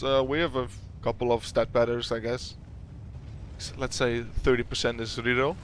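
A young man from the Netherlands with a Dutch accent, a YouTuber casually reading out viewer questions and answering them with giggles and halting fillers. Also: mid-range voice, flat delivery, slight background noise. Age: young adult. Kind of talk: casual Q&A chat.

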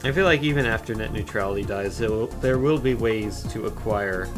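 Streamer, male, lower voice, deadpan sarcastic play-by-play over game music. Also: a little fast. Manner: dry, sarcastic, rambling. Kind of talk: casual game commentary.

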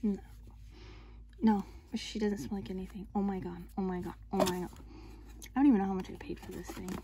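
A young woman in a casual haul vlog, chatting and gushing excitedly as she shows what she bought. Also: medium pitch, fast talker. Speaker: vlogger showing her purchases. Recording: clear background noise.

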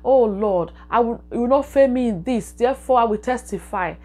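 A woman's voice: fairly high pitch, moderate pace, mellow. A woman preaching a sermon and leading a prayer, repeating her phrases with emphatic, exhorting delivery.

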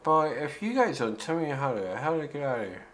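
A man's voice: medium pitch, big pitch swings, a little fast, a bit bright, poor audio. A man giving casual let's-play commentary, joking and talking back to the characters in the game. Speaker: gaming YouTuber.

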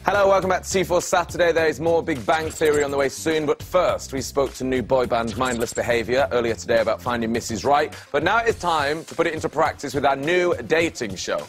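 A man's voice: fairly high pitch, fairly quick, hardly any pauses. A male TV presenter hosting a playful studio interview, joking and teasing his guests. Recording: music playing behind.

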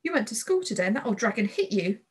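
A woman voicing a lively, bold young girl with a brisk, bossy, teasing manner and a breathy voice. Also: on the high side. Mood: indignant.

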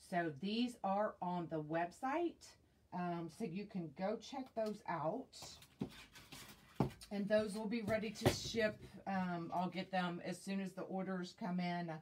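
A woman's voice: on the low side, darkish tone, a little hiss or hum. A woman hosting a live wreath-making demonstration, chatting with viewers and thinking aloud with fillers, recorded on a tablet. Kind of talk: casual live craft demonstration. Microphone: tablet mic.

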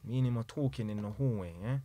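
A man with a London accent, a podcast guest telling a lively anecdote full of London street slang. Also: mid-range voice, quick pace. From London, England. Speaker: podcast guest, property investor. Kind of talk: casual storytelling.

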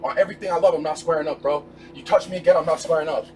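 Heated fast-talking man in an RV. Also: a little high, fairly even intonation, darkish tone, recorded from a distance. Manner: aggressive, confrontational, says bro constantly. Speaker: streamer in a heated argument. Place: inside an RV. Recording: noisy room, voice off-mic.

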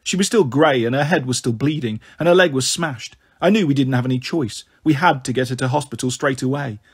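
A man reading a children's novel aloud in a measured, earnest storytelling manner. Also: medium pitch, slightly rough. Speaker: audiobook reader. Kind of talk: scripted narration of a children's novel.

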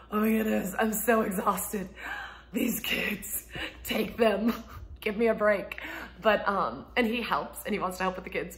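A woman in her thirties, a homeschooling mom, chatting casually to camera from home, laughing often and acting out quotes in a higher voice. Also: pushed and bright. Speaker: homeschooling mom and ministry speaker.

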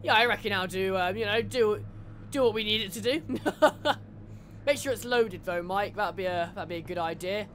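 A gamer chatting through a horror game in casual let's-play commentary, joking, swearing and laughing as they go. The voice sits at a middling pitch, with faint game noise underneath. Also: normal speed, a bit bright. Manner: jokey, swearing, laughs often.

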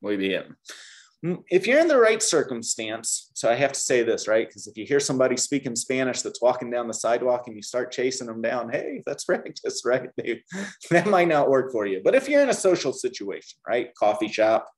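A man's voice: mid-range voice, sing-song, a little fast. A man teaching a beginner Spanish class, upbeat, leading the students in call-and-repeat drills. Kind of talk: classroom language lesson.

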